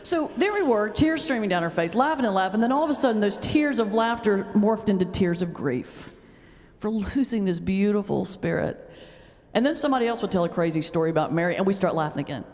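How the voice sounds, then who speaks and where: A woman pastor giving a humorous talk, telling stories in an animated way with sudden jumps in pitch. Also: fairly quick. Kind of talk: humorous lecture storytelling. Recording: long reverb of a large hall.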